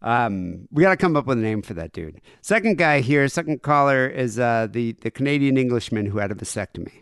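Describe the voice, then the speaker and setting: A man's voice: medium pitch, expressive, a little fast, a bit bright, smooth, no echo, studio quality. Wry, crude male podcast co-host. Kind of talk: crude comedic podcast chat.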